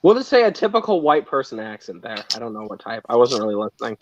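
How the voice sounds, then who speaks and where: A man's voice: mid-range voice, sing-song, quick pace, dull audio, noisy background. A man joking and teasing his friends in a casual online group call.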